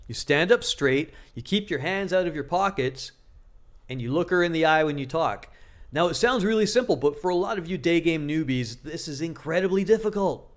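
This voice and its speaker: A man giving casual dating advice to camera, joking and crude, often acting out what people say. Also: on the high side. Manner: joking, crude, acts out quoted lines in exaggerated voices. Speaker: dating coach.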